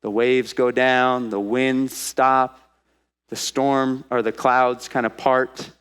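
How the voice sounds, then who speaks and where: A man preaching a sermon as pastor to a congregation in church, lively and acting out the voices he quotes. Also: mid-range voice, slow pace, clear, resonant tone. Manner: animated, acts out quoted voices.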